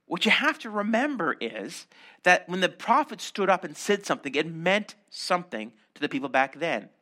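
A man preaching a sermon, teaching through scripture with animated, acted-out asides. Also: high-pitched, normal speed. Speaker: pastor.

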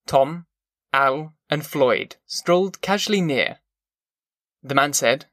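A man narrating an audiobook in an even, measured reading. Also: on the high side, dry recording, studio quality. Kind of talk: scripted narration.

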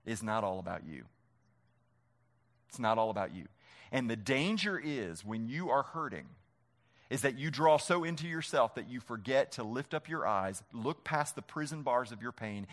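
A man's voice: fairly high pitch, fairly bright tone. A man preaching a sermon as pastor, impassioned, repeating phrases for emphasis and leading the congregation in a reading.

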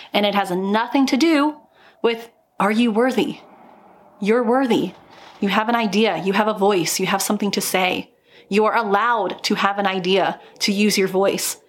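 A woman hosting a solo motivational podcast, talking in an upbeat, encouraging way with emphatic repetition, recorded at home. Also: mid-range voice. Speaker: podcast host.

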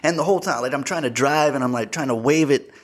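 A young man hosting a casual solo podcast, telling a story with animated energy, swearing freely and calling his listeners dude. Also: mid-range voice, fast. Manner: animated storytelling, bursts into shouted voices. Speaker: podcast host.

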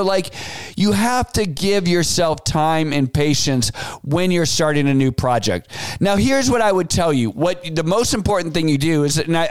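A man in his forties hosting a business podcast, telling stories in a casual, animated way and acting out the quotes, with frequent fillers. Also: sits high, clear, resonant tone, dry recording. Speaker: podcast host. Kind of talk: casual advice talk.

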